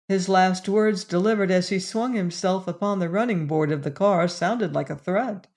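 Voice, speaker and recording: A man reading a novel aloud as an audiobook narrator, in a measured, even delivery. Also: high voice.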